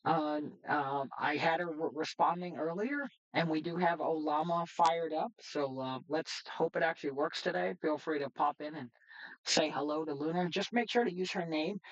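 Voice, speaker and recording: A woman's voice: low voice, moderate pace, lo-fi sound. A woman streaming casually, chatting in a rambling way with lots of fillers while she tests her setup. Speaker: streamer and developer. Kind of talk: casual livestream chat.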